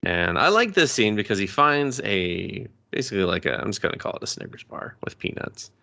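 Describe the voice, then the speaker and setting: Gravel-voiced man retelling a movie. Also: lowish voice, brisk. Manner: animated retelling, acts out characters in quotes. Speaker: podcast co-host. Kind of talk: casual movie review chat. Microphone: podcast microphone.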